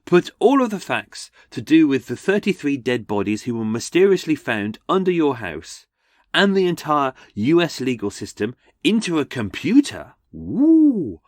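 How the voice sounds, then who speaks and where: A man's voice: mid-range voice, no room sound, studio quality. Sardonic British man hosting a podcast. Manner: sardonic, mocking asides. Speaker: podcast host. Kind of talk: scripted comedic podcast narration.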